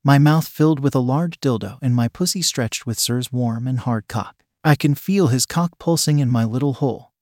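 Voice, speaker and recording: A man narrating a first-person erotic story in a steady, unhurried reading voice. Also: medium pitch, no echo, studio quality.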